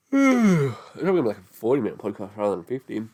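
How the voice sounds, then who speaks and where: A man's voice: medium pitch, wildly swooping pitch, moderate pace, a little mellow. A young Australian man in his twenties hosting a solo podcast, rambling and swearing freely as he talks. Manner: rambling, swears freely, mocking put-on voices. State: sore tongue and jaw. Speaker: podcast host. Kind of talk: casual podcast monologue.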